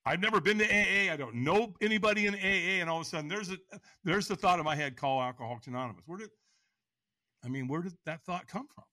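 A man in his sixties, a podcast guest, frankly telling his own story in an animated way and acting out the voices. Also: high-pitched, fast, no room sound. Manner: animated, acts out voices and inner dialogue; frank, casual speech. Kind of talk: personal storytelling in an interview.

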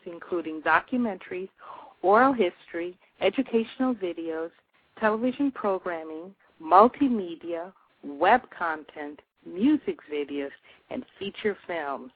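A woman hosting a show, reading out a guest's introduction, stressing each item of a list deliberately. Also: medium pitch, slightly rough, no echo. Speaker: host. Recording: dry tinny phone-like sound.

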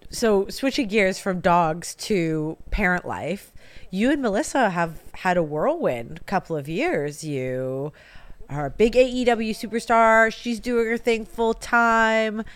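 A woman hosting a podcast in casual chat, laughing often and reacting quickly. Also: mid-range voice, clean tone. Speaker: podcast host.

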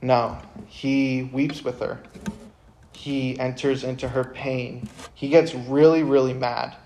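A young man giving a casual, earnest talk to high school students, full of fillers and sudden bursts of energy. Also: level tone, slow, darkish tone, slight background noise. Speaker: youth speaker.

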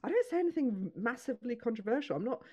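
A woman's voice: a little high, very animated, highs cut off, crowd noise. Blunt, swearing woman comedian. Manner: blunt, swears freely, quick laughs. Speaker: comedian and podcast host. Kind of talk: casual chat.

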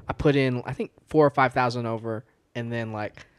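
A man chatting casually in a group, telling a story in a soft, animated way. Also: mid-range voice, brisk, clean tone, no echo.

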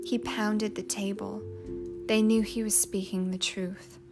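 Slow woman narrator for storybook reading over a music bed. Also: medium pitch. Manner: slow, measured, expressive. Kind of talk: storybook read-aloud.

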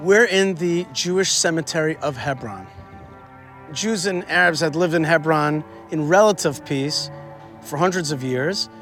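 A man guiding a tour outdoors at a historic site, teaching history in an animated way and quizzing his listeners. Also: a little high, unhurried, music in the background. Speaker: tour guide. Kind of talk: history lesson told on a tour.

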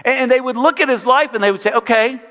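High-voiced man preaching in a hall. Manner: animated preaching with dramatic pauses and acted-out quotes. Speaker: pastor. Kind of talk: sermon.

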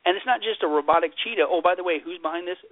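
A pastor being interviewed as a guest tells stories in a high voice at a very fast clip. He's emphatic and joking and repeats his punchlines in this animated storytelling. The recording is dry, with narrow, tinny audio.

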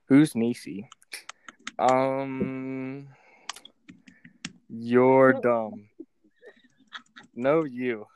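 A man's voice: mid-range voice, fairly even intonation, extremely slow, pauses often, a little mellow, slight background noise. A young man hosting a casual podcast chat. He rambles, giggles often and teases as he reads out what his guest types. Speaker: podcast host.

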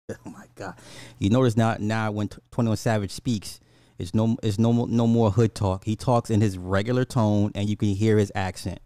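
A low-voiced man with an African American accent delivers casual, profane opinion commentary, often stammering and restarting his sentences. His tone is mellow and warm, and the recording is dry and close. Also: steady tone, moderate pace, no echo. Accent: African American Vernacular English. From United States. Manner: reads news quotes aloud and reacts to chat. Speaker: commentary host.

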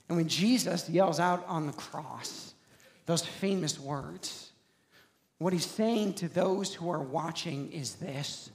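High gravelly-voiced preacher in an echoey hall. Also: male voice, moderate pace. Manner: builds from quiet storytelling to loud shouted preaching. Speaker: pastor. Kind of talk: sermon.

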